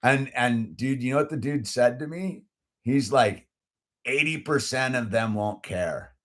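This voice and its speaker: A middle-aged man telling a story in casual chat, animated and heated, with lots of "dude" and "like" and many restarts. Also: mid-range voice, unhurried. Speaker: channel host.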